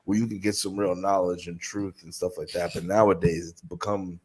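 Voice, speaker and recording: A man co-hosting a podcast, talking in a relaxed, drifting way and swearing a lot. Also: low-pitched, fairly quick, slightly rough. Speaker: podcast co-host. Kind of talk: casual chat.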